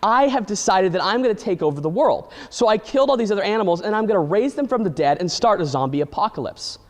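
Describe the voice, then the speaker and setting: A man voicing a scheming evil female Pomeranian who calmly explains her plan, in a reverberant hall. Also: high voice, quick pace. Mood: smug.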